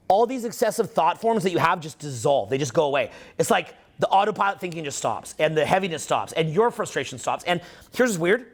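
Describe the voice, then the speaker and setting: Swearing without restraint, a social skills coach speaks emphatically at a live seminar and keeps throwing questions at his audience. He has a high-pitched, slightly bright voice.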